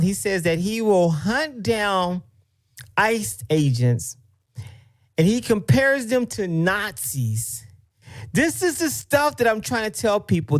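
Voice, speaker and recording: A man's voice: high-pitched, no room sound. A man hosting a commentary show, reacting to a clip in an indignant, repetitive, rambling way. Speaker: host, political commentator.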